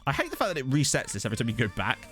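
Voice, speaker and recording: A mid-range male voice, slightly bright and racing along with huge swings in pitch, belongs to a man streaming a football management game. Over his desk USB condenser microphone, he banters and responds to viewers' chat.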